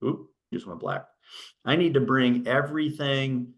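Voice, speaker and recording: A man's voice: mid-range voice, measured pace. A middle-aged man giving a casual talk at a virtual business workshop, telling stories and often checking in with "right?". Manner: conversational, storytelling, often adds "right?". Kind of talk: casual presentation on a video call. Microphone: video call.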